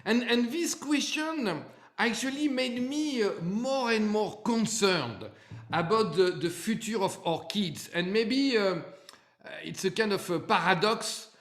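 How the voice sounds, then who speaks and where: Middle-aged man, French accent, webinar host, slow and high-pitched, roomy echo on a call mic. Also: expressive, fairly bright tone. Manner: friendly, halting with many fillers. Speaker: webinar speaker. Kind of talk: live webinar talk.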